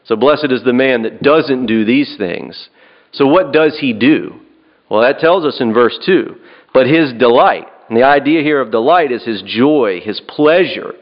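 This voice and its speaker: A man preaches a sermon in an earnest, plain way. His voice sits at an ordinary middle pitch. He often circles back and repeats phrases. The recording sounds dull and lo-fi. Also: animated, unhurried. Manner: earnest, repeats and restarts phrases, asks "right?".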